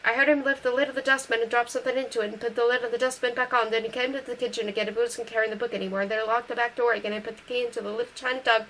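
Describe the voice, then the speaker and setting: A woman reads a novel aloud in steady first-person narration. She reads quickly in a fairly high voice. Faint noise sits behind her. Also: rough recording. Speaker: audiobook reader.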